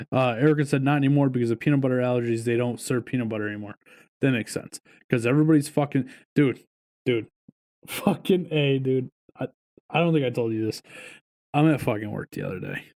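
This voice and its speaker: Profane ranting podcast man. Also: mid-range voice. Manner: profane, ranting, animated storytelling. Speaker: podcast co-host. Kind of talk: casual podcast chat.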